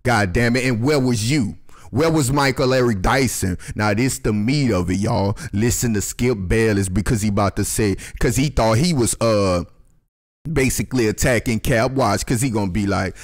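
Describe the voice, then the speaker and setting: A man's voice: fairly low pitch, moderate pace. Man, reaction host, heated ranting, heavy swearing. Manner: angry, cursing, ranting at the clip. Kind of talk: profane reaction commentary.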